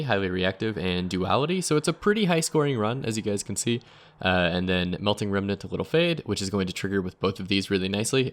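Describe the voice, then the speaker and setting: A young man hosting a casual gaming video, thinking aloud as he plays, relaxed and often trailing off mid-thought. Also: lowish voice. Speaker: gaming channel host. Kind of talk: casual let's play commentary.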